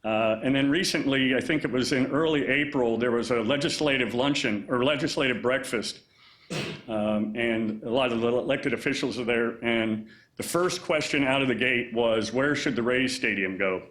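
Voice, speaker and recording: A man speaking as mayor at a press conference, relaxed and chatty with frequent fillers. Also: medium pitch, normal speed. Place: indoor press conference room. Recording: echoey room.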